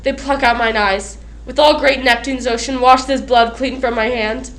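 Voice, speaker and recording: A woman's voice: fairly high pitch, steady tone, normal speed, fairly bright tone, lightly acted. A woman playing a guilt-haunted, tormented male lord, declaiming earnestly in a school stage play. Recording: echoey stage.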